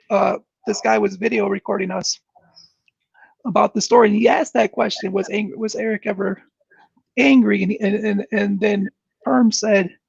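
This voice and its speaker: A man's voice: vocal fry, slightly rough, no echo. A man speaking earnestly as an interview guest, searching for words and restarting often. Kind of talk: reflective interview talk. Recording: dull muffled low-fidelity sound.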